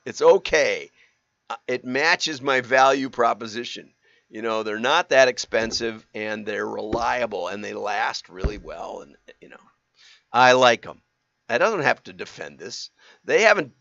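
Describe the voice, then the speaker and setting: A man's voice: medium pitch, vocal fry, fairly bright tone, no room sound, highs cut off. A middle-aged man hosting a livestream in a chatty, casual way, laughing often and asking rhetorical questions. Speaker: livestream host.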